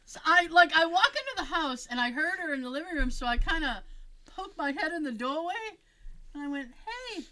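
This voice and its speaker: A woman with a bright, fairly high voice tells a story in a relaxed chat. Her pitch swings widely as she animates the tale and acts out what each person said. She stumbles over restarts and fillers as she goes. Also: a little fast, a little hiss or hum, rough recording.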